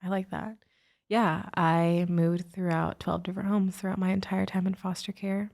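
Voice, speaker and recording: Gravelly low-voiced woman telling her story. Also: level tone, moderate pace, a little mellow. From United States. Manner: emotional, recounting with many "like" fillers. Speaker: guest, author and speaker. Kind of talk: personal storytelling in an interview.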